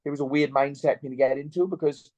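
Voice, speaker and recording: A man's voice: on the high side, steady tone, fast talker, a little mellow, no echo. A young man, a fighter in an interview, talking bluntly and swearing freely. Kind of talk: casual interview chat.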